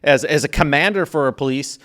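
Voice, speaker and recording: A man's voice: fairly high pitch, a little fast, a bit bright. A man hosting a casual interview, joking and asking leading questions. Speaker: host.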